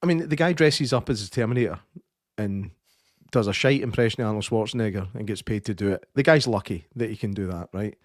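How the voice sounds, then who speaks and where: A man's voice: fairly low pitch, fast, few pauses, no echo, clean studio sound. A Scottish man co-hosting a film-review podcast, telling stories in a sweary, ranting way. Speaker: podcast co-host. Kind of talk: casual chat, film review. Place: studio.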